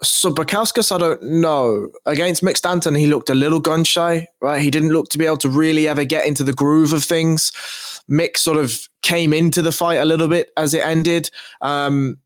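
A man's voice: a little high, fairly even intonation, normal speed, no echo. Analytical man on a podcast. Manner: thoughtful, analytical. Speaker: podcast co-host. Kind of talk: casual MMA analysis chat.

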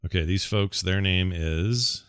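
A man's voice: low-pitched, a little slow, a bit bright, clear, resonant tone, no echo, clean studio sound. A man co-hosting a podcast, chatting casually and rambling with fillers and self-corrections. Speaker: podcast co-host. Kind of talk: casual gaming chat.

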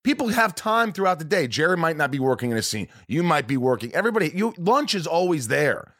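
Animated joking male host. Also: fairly high pitch, quick pace, dry recording, studio quality. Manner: animated, jokey, blunt and profane. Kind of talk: casual chat.

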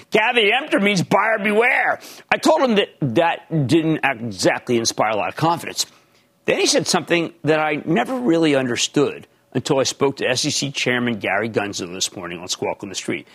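A man hosts a stock market show with a high, sharply rising and falling voice. His delivery is loud and theatrical, full of shouted bursts, and carries a husky edge. Faint music plays under the broadcast. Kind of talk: fast, theatrical market commentary. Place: TV studio.

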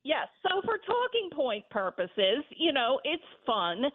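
A woman talking politics in a casual chat, animated and laughing often as she talks. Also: sits high, takes it slowly. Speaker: political commentator. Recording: tinny phone-line sound.

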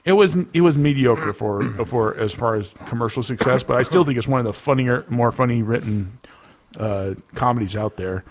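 A man's voice: mid-range voice, moderate pace, noisy background. Male co-host, casual and agreeable; mid-range voice, easy laugh. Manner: chatty, agreeable, laughs easily. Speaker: podcast co-host. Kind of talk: casual chat.

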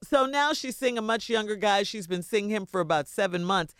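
A woman radio co-host reading out a listener's letter and riffing with her colleagues. Her pitch rises and falls a lot as she talks, and the studio sound is dry and close. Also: a little fast, smooth, no room sound. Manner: animated, laughs often.

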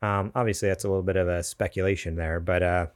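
A man's voice: low-pitched, steady tone, fast talker, no room sound, clean studio sound. A man co-hosting a gaming podcast, chatting loosely and reading news items aloud. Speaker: podcast co-host. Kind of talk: casual gaming news chat.

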